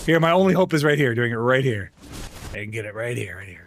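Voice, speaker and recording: A man streaming a game live, talking to his chat in a casual, exasperated rant and yelling when things go wrong. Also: medium pitch, animated, fast, heavy background noise. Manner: exasperated, ranting, yelling in frustration. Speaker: vtuber streamer.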